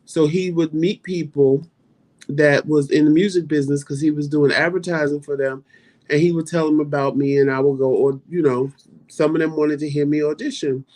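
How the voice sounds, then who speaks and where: Give me a man with a fairly high voice, dramatically telling a story in casual chat. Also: moderate pace. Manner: animated, dramatic retelling with playful asides. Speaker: co-host.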